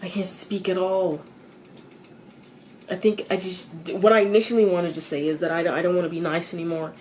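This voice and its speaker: A teenage girl venting in a confessional vlog. She stops and restarts her sentences, repeats herself, swears freely, and her voice jumps high when she gets exasperated. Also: little pitch movement, fairly quick, a little hiss or hum. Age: teens.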